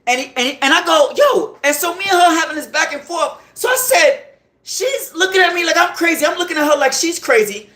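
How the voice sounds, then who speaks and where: A man hosting a podcast, telling a story in a heated, animated rant full of profanity and repeated check-ins with the listener. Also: very high voice, fairly quick. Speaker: podcast host. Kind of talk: casual storytelling monologue. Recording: roomy echo.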